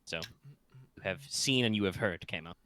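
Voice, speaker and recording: A man's voice: lowish voice, expressive, measured pace, pushed and bright. A man narrating as game master of a tabletop role-playing game, in a loose, chatty way with fillers and little sound effects.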